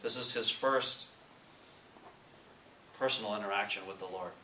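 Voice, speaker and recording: A man giving a casual sermon to students, asking the room questions and reading scripture slowly. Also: on the low side, bright, forceful tone. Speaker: Bible study speaker. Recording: echoey room with faint noise.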